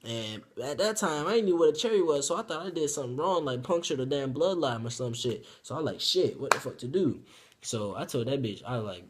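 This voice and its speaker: Give me a young man with a husky, middle-pitched voice rambling through a profane story time. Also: animated, fairly quick. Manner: profane, rambling, with loud outbursts.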